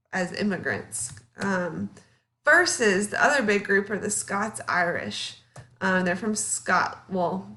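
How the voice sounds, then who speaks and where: A woman's voice: mid-range voice, a bit bright. A woman, giving a chatty history lecture to a class, full of fillers and questions to the students. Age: 30s. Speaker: history teacher.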